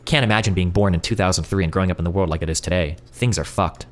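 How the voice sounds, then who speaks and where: A man on a live stream reading a chat exchange aloud, switching between put-on voices with a sarcastic edge. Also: low-pitched. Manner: quick, animated delivery with sarcastic put-on voices.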